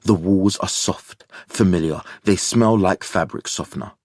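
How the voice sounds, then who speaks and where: Male audiobook narrator, measured delivery, very deep, dry studio sound. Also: darkish tone, dry recording.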